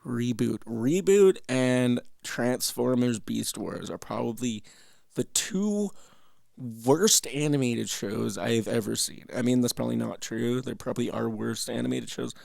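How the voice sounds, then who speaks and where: A man's voice: mid-range voice, measured pace, vocal fry, hardly any pauses, a little mellow, dry recording, studio quality. A man from Canada hosting, giving casual, rambling, profane reaction commentary with laughing asides at a home desk mic. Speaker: host.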